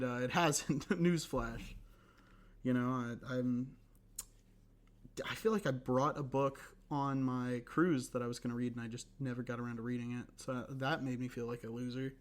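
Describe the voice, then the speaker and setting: A hoarse young man hosting a casual solo podcast, rambling and self-deprecating with lots of fillers and restarts. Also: mid-range voice. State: hoarse, recovering voice. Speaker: podcast host.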